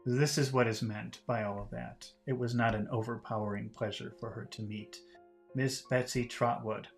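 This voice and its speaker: Male English teacher, mid-range voice, reading a novel aloud and patiently paraphrasing its vocabulary; soft guitar music in the background. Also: medium pitch, fairly even intonation, normal speed, creaky. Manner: patient, paraphrases words in plain terms.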